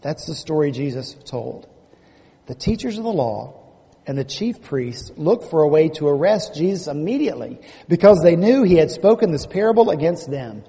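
A man's voice: on the high side, moderate pace. A man with a Southern US accent preaching a sermon, telling stories and acting out quoted speech. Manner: animated storytelling, acts out quoted speech. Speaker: pastor. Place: church sanctuary. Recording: long reverb of a church hall.

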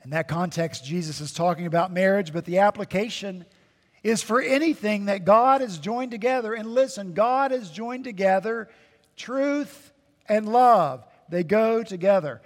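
A male pastor preaching a sermon, slow and emphatic, with dramatic pauses and repetition. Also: high-pitched. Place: church sanctuary. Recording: long church hall reverb.

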